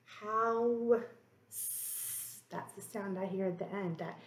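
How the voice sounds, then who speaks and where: A woman teacher leading an early-grade phonics lesson, slowly stretching out letter sounds in a gentle, encouraging way for young children. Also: mid-range voice, flat delivery, roomy sound. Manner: slow, drawn-out sounding of letters.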